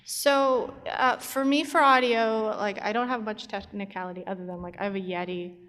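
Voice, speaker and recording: A woman's voice: medium pitch, fairly even intonation, normal speed, fairly bright tone. A woman on a convention panel talking casually, chatty and giggly, with plenty of fillers. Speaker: animator and YouTuber on a panel. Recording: long reverb of a convention hall.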